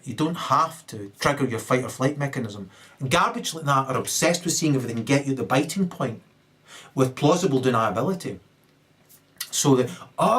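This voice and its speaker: A man delivering a profane, emphatic ranting monologue, halting often and restarting his sentences. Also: mid-range voice, fairly bright tone. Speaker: comedic commentator.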